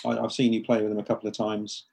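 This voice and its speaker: A man's voice: fairly low pitch, monotone, fast talker, gravelly, a little mellow, slightly rough. A male radio host asking friendly, hesitant questions. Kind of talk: radio interview.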